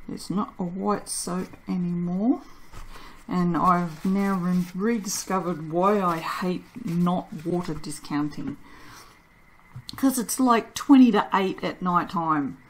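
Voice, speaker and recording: A woman's voice: fairly low pitch, slow pace, long pauses, a little hiss or hum. A woman chatting casually while making and cutting soap, tired and self-mocking, laughing often. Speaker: soap maker. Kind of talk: casual vlog chat while working.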